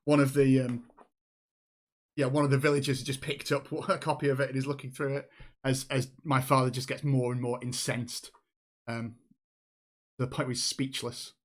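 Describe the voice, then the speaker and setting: A man playing a tabletop game, playful and halting, with many restarts. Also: medium pitch, flat delivery. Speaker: player. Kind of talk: tabletop role-play chat.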